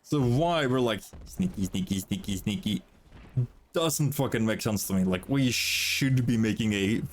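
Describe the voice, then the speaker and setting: A man's voice: mid-range voice, normal speed, slight background noise. A young man casually commenting on a video game as he plays, swearing freely and chattering playfully to his chat and the characters on screen. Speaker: streamer.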